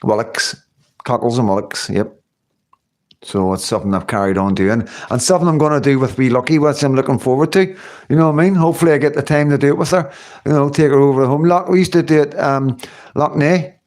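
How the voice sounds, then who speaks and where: A man runs a casual livestream, meandering through viewers' comments with plenty of fillers and tag questions. He speaks quickly in a mid-range voice with a darkish tone.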